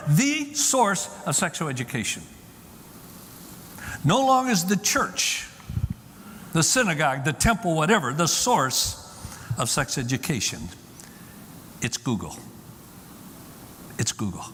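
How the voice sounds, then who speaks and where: Animated man speaking in a hall. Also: high voice, normal speed, long pauses, slight background noise. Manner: animated and emphatic, repeats key lines for effect. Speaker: Christian speaker. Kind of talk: public talk to a live audience.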